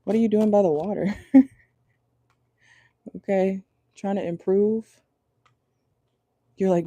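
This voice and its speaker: A woman's voice: mid-range voice, takes it slowly, long pauses, warm tone, dry recording. A woman giving a casual, chatty tarot reading to her viewers, blunt and crude, laughing often. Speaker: tarot reader.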